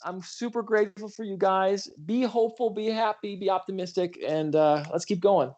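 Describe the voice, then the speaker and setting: A man's voice: high-pitched, moderate pace, a little mellow, highs cut off. Earnest man telling a heartfelt story. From Western New York. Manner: earnest storytelling, apologetic, self-deprecating asides. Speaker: political candidate hosting a livestream. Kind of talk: casual livestream chat.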